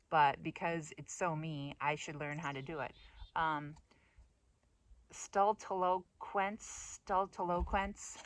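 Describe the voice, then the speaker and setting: A woman's voice: sits low, a bit bright. A middle-aged American woman talking in a casual monologue, playful and self-mocking, rambling with fillers. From United States. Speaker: vlogger.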